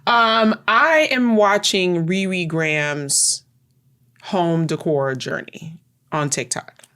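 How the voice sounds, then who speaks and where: A woman co-hosting a podcast, telling stories in a lively, casual way and stretching words for emphasis. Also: fairly low pitch, slow pace. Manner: animated storyteller, drawls words for emphasis. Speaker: podcast co-host. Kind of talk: casual chat.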